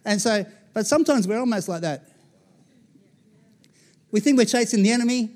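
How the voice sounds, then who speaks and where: High-voiced Australian man preaching. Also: a little fast, pauses often, a little mellow. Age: 40s. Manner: conversational preaching, checks in with the congregation. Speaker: pastor. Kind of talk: sermon.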